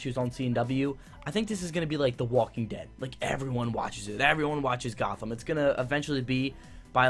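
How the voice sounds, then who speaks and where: A man's voice: medium pitch, a bit bright. Chatty young man with a rambling review. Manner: rambling and enthusiastic, many fillers and restarts. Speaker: YouTube TV reviewer. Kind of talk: casual spoken review.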